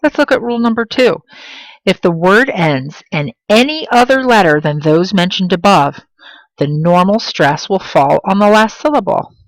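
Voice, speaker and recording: A woman teaching a Spanish lesson in English, slowing down to pronounce example words with clear stress. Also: medium pitch, expressive, dry recording, poor audio. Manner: slow, emphatic pronunciation of example words. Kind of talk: classroom lesson.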